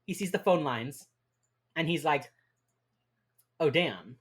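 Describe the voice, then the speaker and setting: Low-voiced wry woman co-host. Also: normal speed, husky. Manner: wry, dry asides, swears casually. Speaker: podcast co-host. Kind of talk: casual chat recapping a TV episode.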